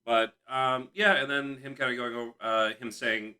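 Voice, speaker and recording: A man's voice: mid-range voice, steady tone, normal speed, hardly any pauses, bright, forceful tone. A young man co-hosting a casual podcast chat, rambling with lots of fillers and restarts. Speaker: podcast co-host.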